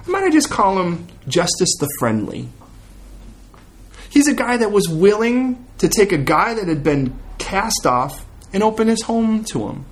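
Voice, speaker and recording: A middle-aged man preaching a sermon as a pastor, telling stories with lively acted-out quotes. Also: sits high, moderate pace, slight background noise. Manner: animated storytelling, acts out quoted prayers.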